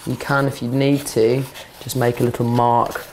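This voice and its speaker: A woman explains dog scent training in a calm, practical way. She talks like a trainer at work, mixing instructions with quiet praise for the dog. A faint hiss sits under her voice. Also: very deep voice, moderate pace. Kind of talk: instructional demonstration. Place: indoors, training session with a dog.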